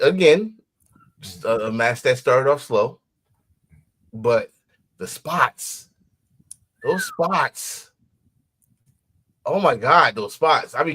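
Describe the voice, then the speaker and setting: Man, fairly high voice, very lively, profane, casual podcast banter. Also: husky, rough recording. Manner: animated, profane, bursts into shouting and laughter. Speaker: podcast co-host. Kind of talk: casual wrestling chat.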